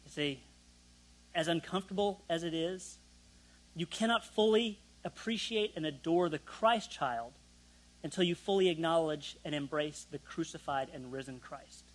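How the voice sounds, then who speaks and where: A man's voice: on the high side, normal speed, poor audio. Conversational man preaching a sermon. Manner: conversational, self-deprecating asides, light laughs. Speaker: pastor.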